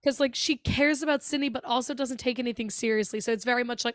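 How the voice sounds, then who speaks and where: A woman's voice: on the high side, fairly even intonation, fast, no echo, studio quality. A woman co-hosting a podcast, chatting casually about a movie, gushing, swearing freely and laughing often. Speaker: podcast co-host.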